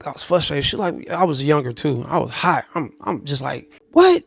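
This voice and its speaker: Gravelly, laid-back male reaction host. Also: a little high, moderate pace, no room sound. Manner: laid-back, conversational, relaxed slang. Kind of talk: casual reaction commentary.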